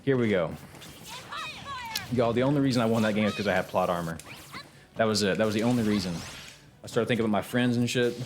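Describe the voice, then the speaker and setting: Low-voiced man trash-talking on stream. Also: quick pace, pauses often, slight background noise. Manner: excitable, profane trash talk to chat. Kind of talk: casual live-stream gameplay commentary.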